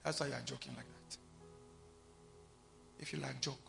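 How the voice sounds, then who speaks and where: A man preaching a sermon, swinging from quiet, intimate asides to loud shouting. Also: medium pitch, steady tone, normal speed, gravelly. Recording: long hall reverb, faint music behind.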